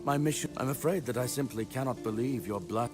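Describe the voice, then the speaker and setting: A man's voice: mid-range voice, lightly acted. A man voicing a solemn red priest. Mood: formal. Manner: measured, formal, skeptical. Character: solemn male red priest, middle-aged. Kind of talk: video game dialogue. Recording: game audio with music behind.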